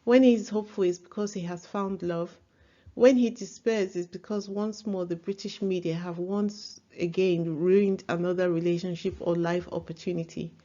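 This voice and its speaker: A woman's voice: lowish voice, steady tone, moderate pace, dark tone, highs cut off. A woman hosting a casual book review vlog, chatty and opinionated. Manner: chatty, opinionated, laughs easily.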